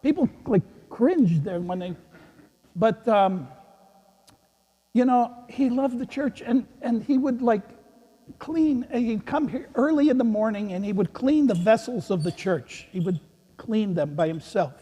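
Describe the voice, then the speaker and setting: A man, a priest, giving a gentle children's sermon in a church, telling a story and chuckling with the kids. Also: high voice, a little slow, husky. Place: large church. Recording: echoey church hall.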